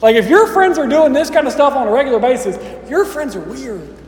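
Man, pastor, conversational sermon, very high pitch, long reverb. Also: expressive, a little fast. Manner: casual, conversational, playful asides.

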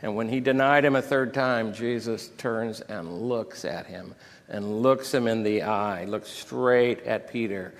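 A man pastor preaching a sermon, retelling scripture and a personal story with deep emotion. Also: steady tone, measured pace. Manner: emotional storytelling, reads scripture aloud with rising intensity. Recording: long hall reverb.

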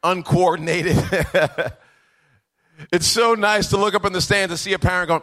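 Impassioned preacher, slightly high voice. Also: male voice, fairly even intonation, moderate pace. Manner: impassioned, swinging from hushed asides to rising preacher's cadence; conversational storytelling with chuckles. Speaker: pastor. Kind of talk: sermon.

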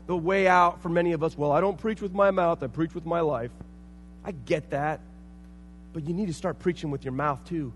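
A middle-aged man, preaching a sermon, telling stories and acting out quoted voices, then building to loud emphatic points. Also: sits high. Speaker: pastor. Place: church sanctuary. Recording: long hall reverb, faint hum.

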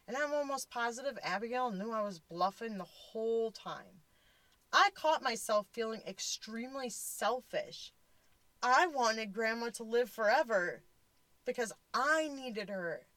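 A woman's voice: fairly high pitch, expressive, unhurried, a bit bright, no echo, poor audio. A woman in her forties telling a personal story, blunt and candid, fighting back tears. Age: 40s. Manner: blunt, candid, swears casually. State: tearful, voice close to crying.

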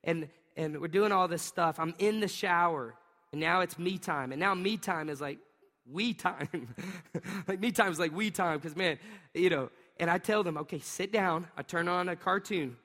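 A male pastor with a bright, high voice preaches to a congregation, mixing a lively family anecdote with scripture. He laughs often and acts out sounds as he tells the story. His voice rings out through the long reverb of a large hall. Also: normal speed. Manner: animated storytelling with bursts of acted-out sounds; laughs often while telling stories. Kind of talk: sermon.

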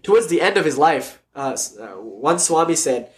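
A man giving a spiritual lecture in an animated storytelling way, sometimes dropping to a soft near-whisper. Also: fairly high pitch, moderate pace. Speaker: spiritual teacher.

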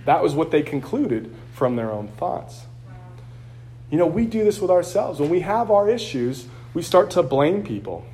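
A man's voice: a little high, very animated, normal speed, mellow. A man preaching a sermon as pastor, earnest and conversational, acting out quotes along the way.

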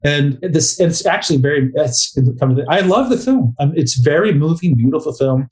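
A man's voice: fairly high pitch, expressive, moderate pace, a little mellow. A middle-aged man co-hosting a casual book talk, rambling, restarting sentences and reading passages aloud. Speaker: podcast co-host.

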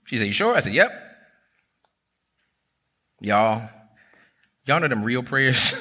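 A man, a pastor preaching a sermon, telling a personal story in a lively, conversational way and calling the crowd "y'all". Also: mid-range voice, unhurried, pauses often, big-room sound.

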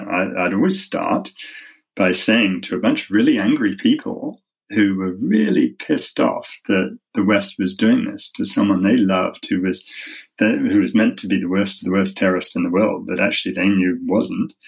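A man's voice: on the low side, vocal fry, husky, low-quality recording. A middle-aged man with a British accent, a lawyer telling stories in a conversational interview, wry and self-deprecating. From half American, half British. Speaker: human rights lawyer.

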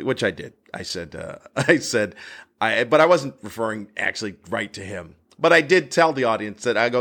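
A man's voice: mid-range voice, lively intonation, moderate pace, a bit bright. Comedian guy telling a story, voice jumps way up when he gets worked up. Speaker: stand-up comedian. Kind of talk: casual anecdote telling.

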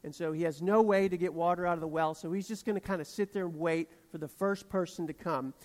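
A man with a Southern US accent preaches, his voice sitting high for a man. He tells his stories in an animated, self-deprecating way. The sound rings out with the long reverb of a church hall. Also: fast talker. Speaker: pastor. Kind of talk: sermon.

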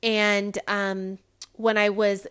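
A woman's voice: medium pitch, flat delivery, very slow, a bit bright, clear, resonant tone. A woman hosting a podcast, talking to listeners in a candid, rambling personal monologue with frequent fillers and small laughs. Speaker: podcast host.

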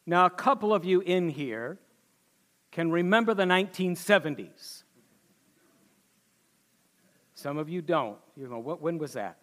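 High-voiced folksy preacher man. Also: lively intonation, moderate pace, fairly bright tone. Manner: folksy storytelling preacher, emphatic. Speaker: pastor. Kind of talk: sermon.

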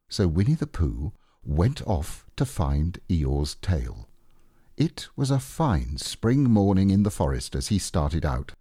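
A man narrating a classic children's storybook aloud in a slow, unhurried, gentle way. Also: sits low, big pitch swings, slightly rough, no room sound, clean studio sound. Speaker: audiobook reader.

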